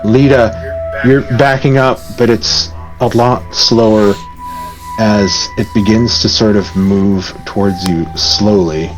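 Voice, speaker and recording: A man running a tabletop horror game as game master, narrating in a measured, hesitant way with frequent pauses. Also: on the low side, steady tone, low-quality recording. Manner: measured, slow, hesitant with many ums. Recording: faint music behind.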